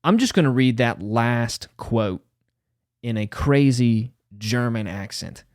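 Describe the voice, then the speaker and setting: A man's voice: medium pitch, expressive, takes it slowly, darkish tone, no echo, studio quality. A man hosting a podcast, reading a news article aloud and breaking in with sarcastic, mocking asides. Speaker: podcast host.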